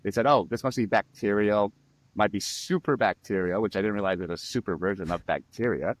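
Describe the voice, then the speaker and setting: A man telling personal stories as a podcast guest, animated and acting out quotes. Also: on the low side, fairly quick, no room sound. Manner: animated storyteller, acts out quotes and sound effects. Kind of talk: storytelling in a podcast interview.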